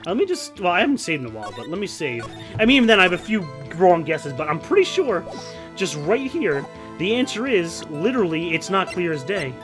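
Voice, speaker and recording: Casting: lively let's-play guy from New York, goofy, jokey, slightly high voice, music underneath. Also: a little fast. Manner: goofy, joking, laughs a lot. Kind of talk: casual gameplay commentary.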